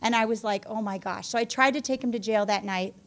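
Woman, adult mother, recovery testimony; candid, self-mocking, slightly high-pitched. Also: fairly quick, a little hiss or hum. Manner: candid, self-mocking storytelling, laughing through it. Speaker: speaker sharing her story at a support group meeting.

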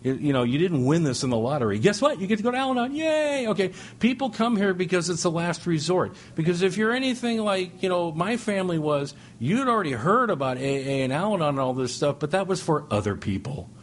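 A middle-aged man speaking to a recovery meeting, telling stories with jokes and sudden excited jumps in his voice. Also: normal speed, slight background noise. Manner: animated, joking, with sudden high-pitched exclamations. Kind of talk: humorous storytelling share. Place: speaking before a meeting audience.

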